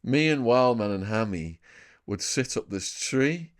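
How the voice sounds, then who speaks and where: A man in his fifties from England with a northern English accent, a podcast guest telling lively anecdotes about his life in a casual interview. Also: mid-range voice, a little slow. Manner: lively anecdotal storyteller, laughs at his own tales.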